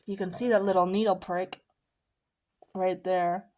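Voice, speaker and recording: A woman telling a story in a casual vlog, dramatic and animated, often swearing and acting out the voices of others. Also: lowish voice.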